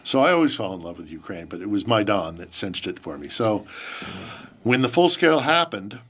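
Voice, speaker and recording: Low-voiced man telling an emotional story. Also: sing-song, a little fast, fairly bright tone. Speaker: podcast host being interviewed. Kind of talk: personal storytelling in conversation.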